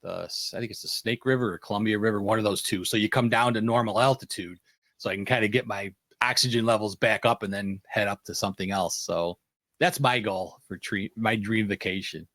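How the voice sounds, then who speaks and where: A man's voice: lowish voice, fairly quick, dry recording. A man from the United States hosting a casual panel podcast, telling stories and acting out quoted lines. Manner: animated storyteller, acts out quotes. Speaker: podcast host.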